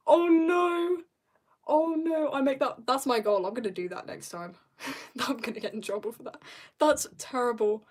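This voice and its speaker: A teenage girl chatting casually on a drawing livestream, rambling and laughing at herself as she tells stories. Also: a little high. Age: teens. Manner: rambling, self-mocking, giggly storytelling. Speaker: streamer.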